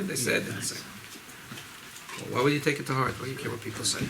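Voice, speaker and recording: A rabbi, speaking informally at a farbrengen gathering, often repeating and restarting phrases. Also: male voice, medium pitch, steady tone, fast talker, vocal fry, long pauses, noisy background. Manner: repetitive, restarts phrases, mixes Yiddish and Hebrew terms. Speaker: rabbi giving a farbrengen talk. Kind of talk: informal Chassidic talk at a gathering.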